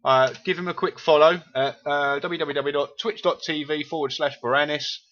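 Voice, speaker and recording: A man's voice: a little high, steady tone, moderate pace, fairly bright tone, dull audio, slight background noise. A man from East London with a Cockney accent, chatting casually and swearing freely with viewers while streaming a game. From England.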